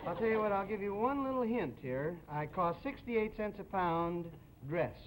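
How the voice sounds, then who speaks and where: A man playing a mild, bumbling father filling in as den mother, talking in an easygoing, deadpan, halting way, heard over a noisy TV broadcast with a studio audience. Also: high voice. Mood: droll. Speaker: comedian host of a TV variety show.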